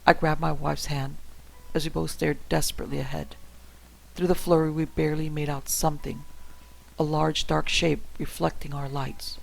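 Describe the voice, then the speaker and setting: A man reading a horror story aloud in the first person, in a steady, tense way. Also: on the high side, creaky, rough recording. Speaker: story narrator. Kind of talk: scripted horror narration.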